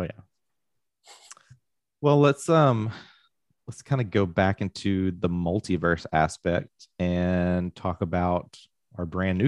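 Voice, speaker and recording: Guy hosting a movie podcast, deep voice, dry close sound, excited fan. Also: dry recording. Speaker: podcast host. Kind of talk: casual movie discussion.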